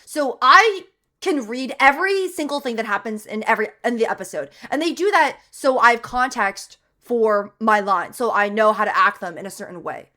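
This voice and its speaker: A woman's voice: a little high, expressive, normal speed, bright, forceful tone. A young woman voice actor chatting animatedly as she reacts to her show and acts out lines. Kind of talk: casual reaction commentary.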